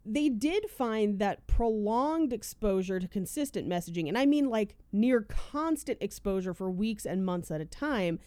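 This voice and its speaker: A woman podcast host walks through research at a relaxed, chatty clip, cracking jokes along the way. Her voice sits in a middle pitch, recorded dry and close. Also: a little slow, hardly any pauses, no room sound. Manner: explanatory, joking, laughs often. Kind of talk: casual podcast chat.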